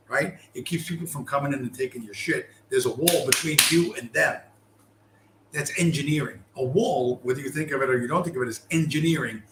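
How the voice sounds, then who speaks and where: Swearing and repeating himself for emphasis, a man hosting a show delivers a ranting monologue. His voice is medium-pitched and a bit bright, captured in a roomy space with faint noise behind it.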